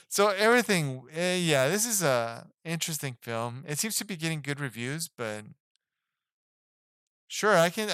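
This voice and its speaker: A man's voice: on the high side, a bit bright, clear, resonant tone, no echo, studio quality. A man giving a casual spoken film review, rambling and hesitant, with lots of fillers and restarts. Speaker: movie reviewer.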